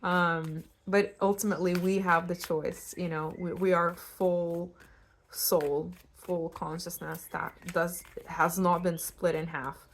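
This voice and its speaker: A young woman from Eastern Europe giving a casual pick-a-card tarot reading, chatty and animated and prone to tangents. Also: fairly low pitch, slow pace, a little hiss or hum. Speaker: tarot reader.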